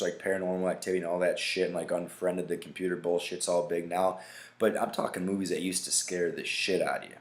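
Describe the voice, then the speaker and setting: A man hosting a casual solo podcast, ranting emphatically with lots of swearing and constantly asking "right?". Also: low voice. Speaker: podcast host. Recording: echoey room.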